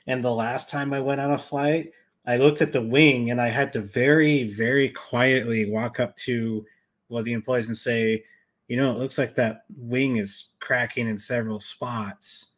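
A man co-hosting a casual podcast, answering in a measured, low-key way. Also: fairly even intonation, a bit bright. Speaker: co-host.

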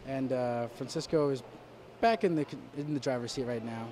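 A man's voice: mid-range voice, normal speed, a little mellow. Hesitant male boxing commentator, noisy arena. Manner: hesitant, many fillers and restarts; dry, wry asides. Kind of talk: live fight commentary.

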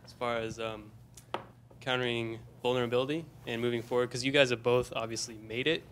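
A man's voice: mid-range voice, level tone, fairly quick, fairly bright tone, a little hiss or hum. A young man in his twenties asking the speakers a question from the audience, hesitant and searching for words. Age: 20s. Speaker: audience member.

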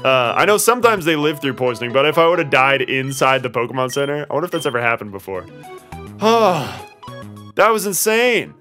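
A man's voice: medium pitch, expressive, brisk, bright, forceful tone, faint music behind. A man commentating on his video game playthrough, rambling and exasperated, pleading with the game characters. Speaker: let's play host.

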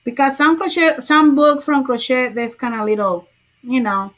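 A woman's voice: sits high, fairly even intonation, normal speed. A woman hosting a crochet livestream, chatting casually, greeting viewers by name and laughing often.

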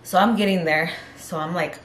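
A woman's voice: fairly low pitch, fairly even intonation, normal speed, reverberant. A young pregnant woman chatting casually on her vlog, out of breath and rambling as she corrects herself. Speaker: vlogger.

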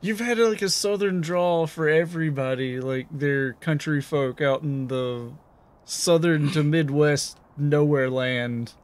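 A man co-hosting a let's play, making teasing, quick remarks in casual chat. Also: fairly high pitch.

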